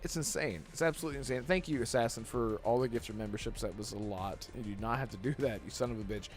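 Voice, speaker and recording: A man's voice: medium pitch, quick pace, soft background music. A man hosting a casual gaming podcast, upbeat and laughing often as he thanks his chat. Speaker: podcast host.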